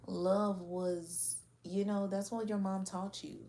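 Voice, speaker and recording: A woman's voice: medium pitch, flat delivery, slow pace, few pauses, warm tone. A woman giving a casual spoken reading in a blunt, slangy, frank manner. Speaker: tarot reader.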